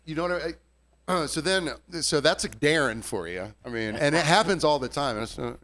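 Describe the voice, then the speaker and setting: A man's voice: fairly high pitch, moderate pace. A man who works as a bartender, telling a story in a casual podcast chat, swearing freely and imitating customers. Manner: animated, profane, mimics customers' voices.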